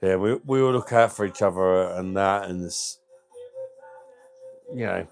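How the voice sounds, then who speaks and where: Livestream host, matey and heartfelt, low unhurried voice, faint music behind. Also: male voice, vocal fry. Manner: matey, slang-heavy, emotional and open. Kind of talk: casual chat with viewers.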